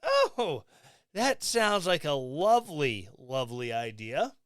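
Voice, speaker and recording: A man hosting his own podcast, giving sarcastic, mocking political commentary in a casual, animated way. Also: a little high, slow pace, no room sound, clean studio sound. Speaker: podcast host.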